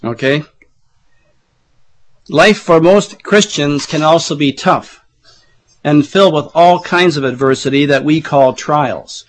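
A middle-aged man preaching a sermon while losing his voice, often clearing his throat, with chatty asides to the congregation. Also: fairly high pitch, slow pace, pauses often, low-quality recording. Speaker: pastor.

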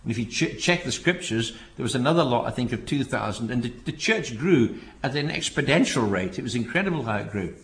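A man preaching a sermon in an earnest way, often repeating words and rising to emphatic calls to hold fast. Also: mid-range voice, expressive. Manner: earnest, repeats phrases, rises to emphatic exhortation.

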